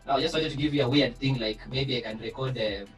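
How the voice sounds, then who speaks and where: A man's voice: medium pitch, fast, far from the mic, faint music behind. Man moderating over echoey call. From East Africa. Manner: probing, repeats words, many fillers. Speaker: panel moderator. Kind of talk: online panel discussion. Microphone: video call.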